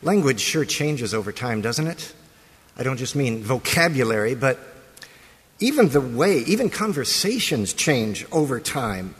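A male pastor giving a sermon in a conversational way, pausing and restarting his phrases. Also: mid-range voice, sing-song, fairly bright tone. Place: church sanctuary. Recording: long church reverb.

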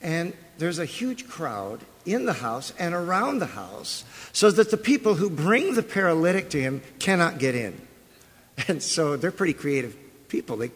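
Male pastor, fairly high husky voice, lively storytelling sermon, long church reverb. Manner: animated storytelling preacher, asks the congregation questions. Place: church sanctuary.

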